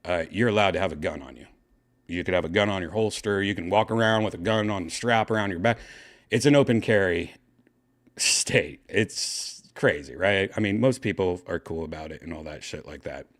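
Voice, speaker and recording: A man hosting a podcast, casually telling a story with excitement and swearing, acting out his own shouts. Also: low-pitched, normal speed. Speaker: podcast host.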